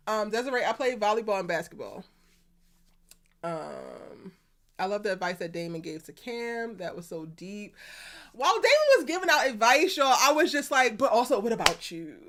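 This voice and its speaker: A woman's voice: on the high side, animated, normal speed, fairly bright tone. Give me a young woman with a Baltimore accent, hosting a chatty live stream and reading out viewer comments. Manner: chatty, reads viewer comments aloud, laughs often. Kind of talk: casual live-stream chat.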